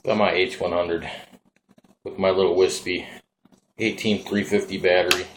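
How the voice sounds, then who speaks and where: Laid-back, low-voiced Minnesotan man. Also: flat delivery, moderate pace, a little hiss or hum. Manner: laid-back, rambling, folksy. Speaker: vaping hobbyist vlogger. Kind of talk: casual hands-on demo.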